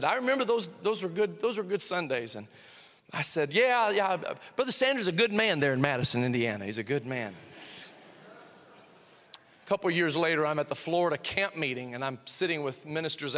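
Bright-voiced pastor in a reverberant church. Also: male voice, on the high side, a little fast. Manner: animated, repeats phrases, acts out both sides of a dialogue. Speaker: senior pastor. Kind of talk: sermon with storytelling. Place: church sanctuary. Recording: long reverb of a church hall. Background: long hall reverb.

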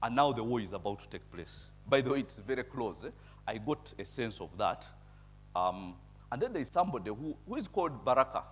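A man's voice: mid-range voice, big pitch swings, fairly quick, breathy edge. Emphatic male preacher asking "eh?". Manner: conversational, tags remarks with "eh?"; chuckles at his own points. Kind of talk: sermon with bible reading and commentary.

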